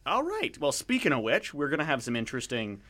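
A man's voice: fairly high pitch, wildly swooping pitch, quick pace, sharp tone. A man hosting a radio show in casual chat, rambling, joking and mocking himself while he reviews books. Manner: rambling, jokey, self-mocking. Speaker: radio host.

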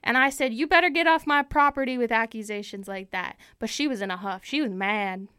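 A woman's voice: a little high, a little fast, bright, forceful tone, clear, resonant tone, dry recording, studio quality. A woman improvising a proud, heartbroken male lone cowboy rancher, telling his tale in a folksy way and repeating phrases for emphasis. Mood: indignant folksy. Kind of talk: improvised comic storytelling.

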